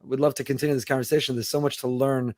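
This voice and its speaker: A male podcast host speaks fast, stacking compliments and questions. His voice sits mid-range and sounds dry and close, with no room around it. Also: medium pitch, flat delivery, darkish tone, no room sound. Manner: brisk, effusive praise for the guest. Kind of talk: interviewing.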